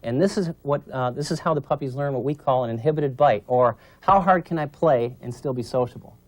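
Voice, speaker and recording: Male trainer mid-lesson, even-pitched, patient and instructive, frequent check-ins, dry room. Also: brisk, no room sound. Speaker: dog trainer. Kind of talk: instructional demonstration.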